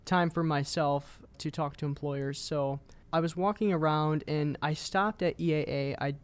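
A young man, a college student, calmly recounting his experience on a casual podcast. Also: fairly high pitch, moderate pace, clean tone. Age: young adult. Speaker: student guest.

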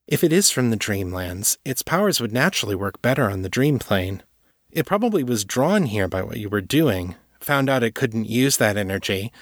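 A man reading aloud and voicing a calm, firm young woman telepath who explains and reassures steadily. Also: medium pitch, dry recording, studio quality, close to an everyday voice.

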